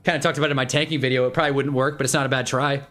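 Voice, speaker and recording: A man's voice: mid-range voice, fairly even intonation, rapid-fire, fairly bright tone, soft background music. A man hosting a casual livestream watch-along, rambling and joking and laughing often. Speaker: livestream host.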